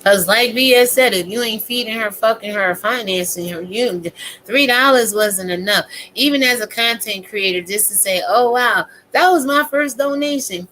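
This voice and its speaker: A woman giving a casual, profane, animated rant as a YouTube commentator, talking straight to her viewers. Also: on the high side, a little hiss or hum.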